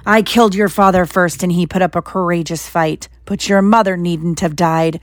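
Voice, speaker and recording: A woman voicing a snarling, hissing dark lord. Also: on the low side, steady tone, normal speed, dry recording, clean studio sound, close to an everyday voice. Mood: menacing. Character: sinister male dark-lord face, cruel and commanding.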